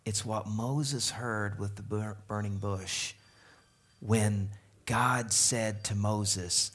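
A man preaching a sermon as a pastor, animated and conversational, asking the congregation questions as he goes. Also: on the low side, very slow, breathy edge.

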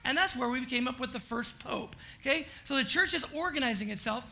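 Pastor, bright and forceful tone, easygoing sermon delivery, quizzes the congregation. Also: sits high, quick pace, gravelly, hardly any pauses. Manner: chatty, polls the congregation with questions. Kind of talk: conversational sermon. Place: church sanctuary before a congregation.

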